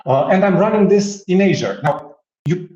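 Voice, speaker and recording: A man giving a casual software demo, joking and laughing often, with many restarts and fillers. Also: high voice, lively intonation, normal speed. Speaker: guest demonstrating software. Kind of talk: casual tech demo chat. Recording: roomy, slightly dull remote audio.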